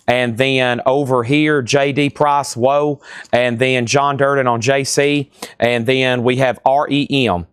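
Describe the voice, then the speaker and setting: A man hosting a live record auction from a store, reading titles off fast and tossing in sarcastic asides. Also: mid-range voice, fairly even intonation, smooth, no echo, studio quality. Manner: rapid-fire listing, joking and sarcastic asides. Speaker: live sale host.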